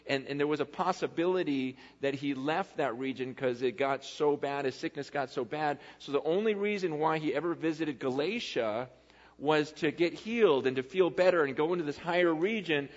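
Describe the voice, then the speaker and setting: Pastor guy preaching loose and fired up, kinda high voice, big echoey hall. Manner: excitable, casual, acts out quotes with lively swings. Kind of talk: conversational sermon.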